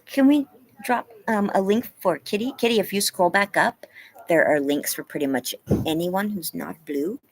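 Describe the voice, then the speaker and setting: A woman livestream host with a lowish voice chats casually with viewers at a moderate pace, reading the chat aloud and laughing often. She's at home in a yard, and the recording quality is low.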